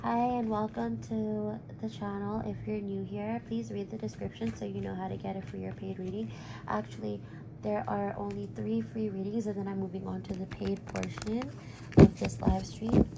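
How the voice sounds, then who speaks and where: A woman's voice: mid-range voice, flat delivery, moderate pace, gravelly, noisy background. A woman giving a live-stream tarot reading in a direct, reassuring way, her voice worn and close to giving out. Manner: direct, reassuring, calls the viewer honey. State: losing her voice. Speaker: tarot reader.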